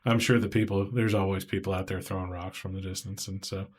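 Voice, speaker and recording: A man's voice: deep voice, fast. A man with a Southern US accent hosting a podcast, chatting casually and rambling as he acts out what people said. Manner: rambling, animated, acts out quoted voices. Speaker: podcast host. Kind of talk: casual interview chat.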